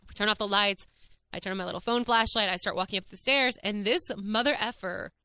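Young woman hosting a podcast, candid and chatty with lots of fillers; crisp, bright voice, dry close sound. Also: medium pitch, a little fast, no echo. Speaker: podcast host. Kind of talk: casual monologue.

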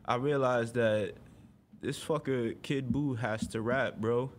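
A man's voice: mid-range voice, fairly even intonation, slow pace. A man in a mid-range voice cracking blunt, slangy jokes in casual talk. Faint noise hums in the background. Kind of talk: casual chat.

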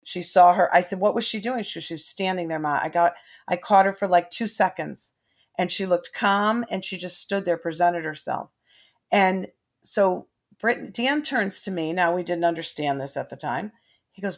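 A woman's voice: fairly low pitch, moderate pace. A middle-aged woman, a mother, telling family ghost stories in a rambling, casual way, with many restarts and quoted voices. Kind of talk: casual storytelling.

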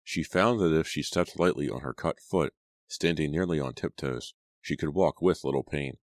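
A man narrating an audiobook in a steady, measured storytelling manner. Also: a bass voice, no echo, clean studio sound. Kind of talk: scripted narration.

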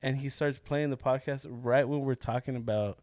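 A man co-hosts a podcast, trading crude jokes in casual banter. His mid-range voice is a little mellow with fairly even intonation, and he speaks at normal speed. No room sound is present.

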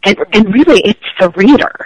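A woman's voice: mid-range voice, animated, a little fast, breathy edge, no room sound, poor audio. A middle-aged woman, a sales expert guest, talking earnestly in a podcast interview and acting out example phrases.

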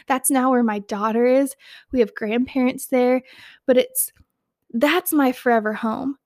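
A woman's voice: sits high, fairly even intonation, a little slow, darkish tone, dry recording, clean studio sound. A mother sharing a faith testimony in an earnest, encouraging way, speaking straight to her listeners. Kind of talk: heartfelt personal testimony.

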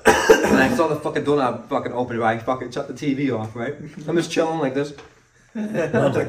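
Young dude rambling a dirty story on a podcast, swearing a lot, sounds far off and echoey. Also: male voice, medium pitch, fairly quick, slight background noise. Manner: profane, rambling, laughs through his stories. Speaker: podcast co-host. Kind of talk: casual chat, storytelling. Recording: roomy sound, a bit far from the mic.

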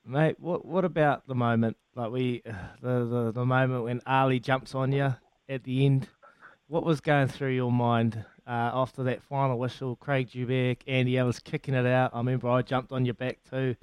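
A man's voice: mid-range voice, level tone, moderate pace, clean tone, no echo. A young man, co-hosting a radio show in a jokey, matey way. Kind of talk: casual radio chat.

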